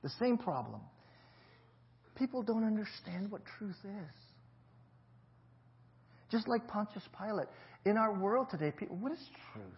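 Pastor, male, high voice, storytelling sermon, dull lo-fi audio. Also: expressive, a little slow, pauses often. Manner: storytelling preacher, swings between loud emphasis and low quiet.

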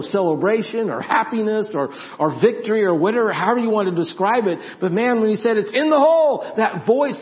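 A pastor preaching a sermon and then leading a prayer, earnest, moving from telling a story to softly pleading. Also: male voice, high voice, dull audio. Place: church sanctuary.

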